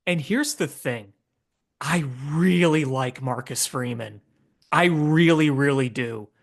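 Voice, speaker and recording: A man's voice: fairly high pitch, slow pace, vocal fry. A man co-hosting a sports talk podcast, rambling casually with stammering restarts.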